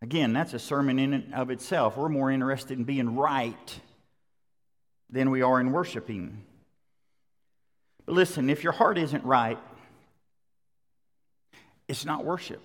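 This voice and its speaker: A man's voice: medium pitch, measured pace, long pauses, a bit bright. A middle-aged man preaching a sermon, conversational yet emphatic, driving points home with repetition. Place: large church sanctuary. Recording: long hall reverb.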